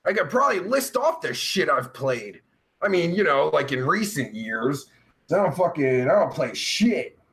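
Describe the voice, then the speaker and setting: A young man hosts a live stream, reading out chat and riffing in a rambling, profane, sarcastic way. His voice sits high for a man and swoops all over the place, broken up by groans and long sighs. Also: very animated, moderate pace, fairly bright tone.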